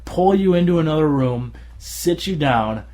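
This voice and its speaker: A tired man co-hosting a podcast in casual chat, rambling and laughing often as he acts out shouted quotes. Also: fairly high pitch, animated, normal speed. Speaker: podcast co-host.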